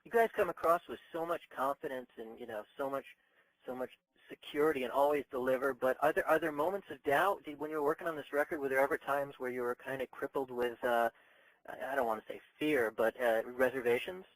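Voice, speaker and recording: A man's voice: medium pitch, fast talker, dry recording, poor audio. A man interviewing a guest, asking questions with hesitant restarts. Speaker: radio interviewer.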